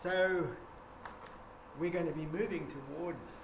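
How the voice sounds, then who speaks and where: A man's voice: on the high side, takes it slowly. A man giving a classroom lecture, explaining patiently and chanting rhythms aloud. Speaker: teacher. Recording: echoey classroom with background noise.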